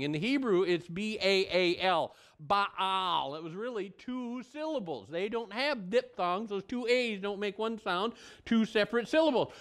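A man's voice: high-pitched, a bit bright, clear, resonant tone. Folksy rambling male pastor. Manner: rambling and folksy, with many restarts and asides. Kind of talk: conversational sermon.

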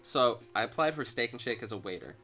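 A man's voice: medium pitch, expressive, fast talker, sharp tone, soft background music. A young man co-hosting a casual gaming chat, telling a story with teasing asides and laughter. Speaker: co-host.

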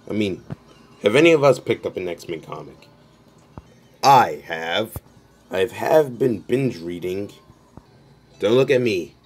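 Low, slow-talking man in jokey banter. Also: darkish tone. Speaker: creator of an improvised comedy skit. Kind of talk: unscripted comedic banter.

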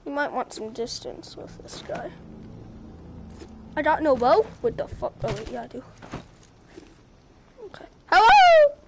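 A young woman loudly commenting on her VR game, swearing often and breaking into frustrated yelling. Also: on the high side, a little slow, gravelly, pauses often, a little hiss or hum. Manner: loud, profane, swings into shouting frustration. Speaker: VR gamer. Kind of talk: casual gameplay commentary.

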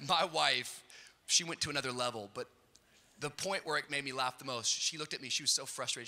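A middle-aged man preaching a sermon, telling a funny story in a storyteller's way and building up to shouted peaks. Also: medium pitch, brisk. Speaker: pastor. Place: large church auditorium. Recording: hall reverb.

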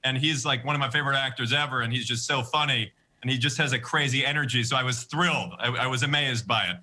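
A man's voice: medium pitch, fast talker. A man in his twenties, a comedian guest on a TV interview, talking eagerly. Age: 20s. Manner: energetic, eager.

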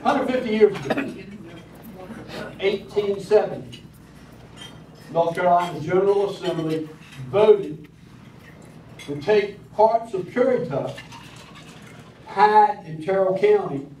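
An older man with a Southern American drawl delivers a folksy speech, pausing often with ums and uhs. His voice sits a little high for a man. It rings through a large, echoey hall from some distance off, with faint clinking of cutlery behind him. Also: mellow, a little hiss or hum. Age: 60s. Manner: folksy and personal, with hesitant fillers. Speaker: county commissioner speaking at a public event. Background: clinking cutlery and dishes.

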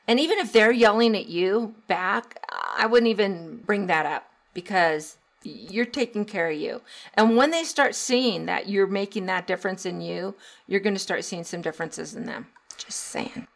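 A middle-aged woman talks through a solo podcast in a chatty, easygoing way. Her voice sits at an ordinary pitch, and laughter often breaks into her lines. She grows animated whenever she acts out a moment. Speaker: podcast host and teacher. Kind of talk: casual solo podcast advice.

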